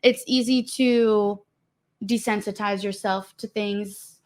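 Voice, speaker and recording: A woman's voice: medium pitch, steady tone, slow pace. A young woman in her twenties co-hosting a podcast, chatting frankly and reading out viewer comments. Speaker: podcast co-host. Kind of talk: casual chat.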